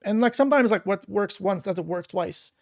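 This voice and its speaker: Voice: medium pitch, lively intonation, moderate pace. Rambling podcast host telling a story. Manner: rambling, many fillers and restarts. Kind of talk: casual interview chat.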